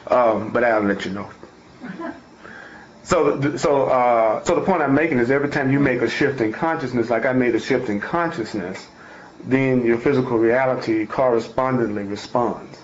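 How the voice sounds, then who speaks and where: Speaking at a moderate pace in a mid-range voice, this spiritual teacher reads a passage and unpacks it with folksy phrasing and insistent repetition of every point. The recording is dull and lo-fi, made in an echoey room with a bit of hiss or hum.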